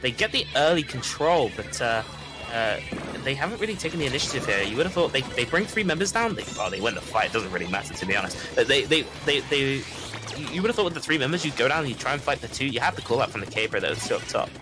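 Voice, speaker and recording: A man commentating a live esports match, chatty and quick, often repeating words. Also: mid-range voice, sing-song, music in the background.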